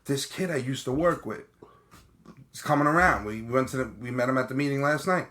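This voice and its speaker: A man with a Long Island accent co-hosting a podcast, telling stories in a lively, casual way and dropping "bro" and "dude" often. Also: mid-range voice, brisk. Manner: animated storyteller, says "bro" and "dude" often. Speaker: podcast co-host. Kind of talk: casual chat.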